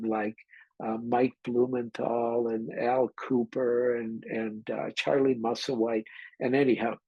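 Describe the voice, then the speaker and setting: A man's voice: mid-range voice, no echo, lo-fi sound. A man, a meditation teacher, giving an informal dharma talk and telling a candid, rambling story with mild swearing.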